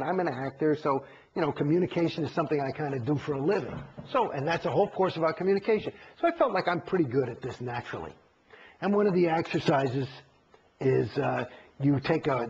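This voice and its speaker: Gravelly, husky man, profane and animated interview storyteller, dull lo-fi recording. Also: medium pitch, slight background noise. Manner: profane, animated, acts out quoted exchanges.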